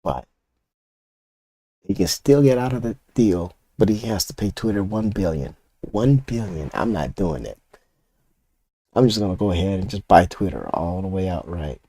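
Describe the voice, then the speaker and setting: A man's voice: sits low, animated, moderate pace, long pauses, warm tone. An older man of Puerto Rican roots, a comic artist ranting casually and profanely to his chat while he inks. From Puerto Rico. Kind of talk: casual rant while inking art.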